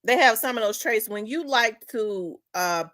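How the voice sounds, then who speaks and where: A woman talks through a story in a loose, conversational way, circling back and repeating her points. Her voice sits a little high. The recording is dry and close, with no room sound. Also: animated, unhurried, fairly bright tone, no room sound. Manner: conversational, repeats herself, winding asides. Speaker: host. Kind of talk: casual chat, storytelling.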